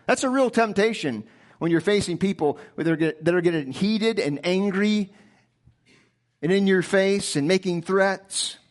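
A man's voice: high voice, animated, unhurried. A male preacher delivering a sermon with emphatic rhetorical questions, often repeating himself as he presses a point.

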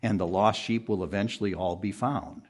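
A man preaching an expository sermon to a congregation in a room, earnest and pressing, jumping up for emphasis and dropping low and quiet at the ends of verses. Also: fairly even intonation, normal speed. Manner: earnest, pressing, rises sharply for emphasis then drops low. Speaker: pastor.

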